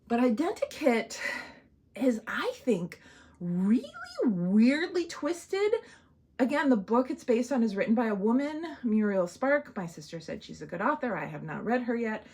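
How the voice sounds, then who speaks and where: A woman casually reviewing an old film in a chatty vlog, animated and laughing often, acting out bits of dialogue. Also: a little high, a little fast, few pauses, slightly rough.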